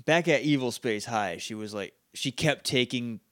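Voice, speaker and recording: A man's voice: medium pitch, fairly bright tone. A man co-hosting a podcast, chatting casually and jokily, often laughing. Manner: giggly, jokey, quick to laugh. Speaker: podcast co-host. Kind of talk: casual recap chat.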